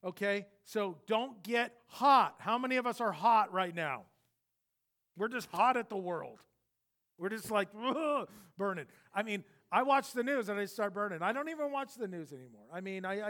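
A man preaching an expository sermon in a conversational way, swinging from loud emphatic bursts to hushed intensity. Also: high-pitched, moderate pace. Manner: conversational, repeats words when restarting. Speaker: pastor.

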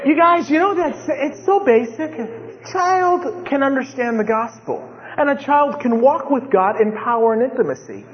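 A man preaching a sermon, animated, acting out his own prayers in a strained high voice. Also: normal speed, hardly any pauses, lo-fi sound. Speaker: pastor.

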